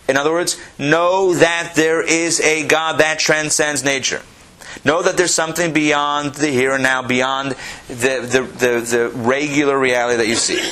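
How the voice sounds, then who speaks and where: A man teaching a Torah class, animated, repeating phrases and asking his listeners questions. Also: a little high, moderate pace.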